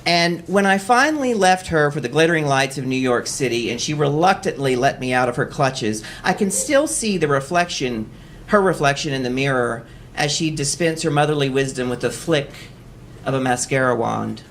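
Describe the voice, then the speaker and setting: A man from Texas hosting a live storytelling show in a cabaret, telling a personal story in a wry, animated way and often laughing as he goes. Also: mid-range voice, normal speed, a little hiss or hum. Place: cabaret stage before an audience.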